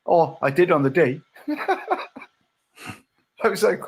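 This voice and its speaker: A man's voice: fairly high pitch, slow, a little mellow, husky. A man in a band chatting on a podcast, stammering at the start of his sentences. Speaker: band member co-hosting a podcast. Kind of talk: casual chat.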